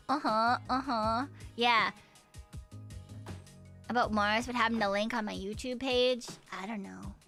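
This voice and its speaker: A woman's voice: medium pitch, fairly bright tone. A woman streamer chatting casually with viewers, rambling, giggling often and swearing freely. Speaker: VTuber streamer. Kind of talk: casual stream chat reading viewer messages.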